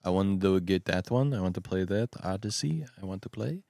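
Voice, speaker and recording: A young man rambling excitably in casual chat at home at night. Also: low voice, brisk, vocal fry, no echo, studio quality. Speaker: vlogger.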